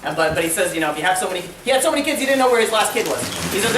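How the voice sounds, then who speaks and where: Fast-talking rabbi in an echoey room. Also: male voice, sits high. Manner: animated, acts out characters in a story. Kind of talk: storytelling Torah class. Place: community center classroom. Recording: echoey room, distant mic, background noise.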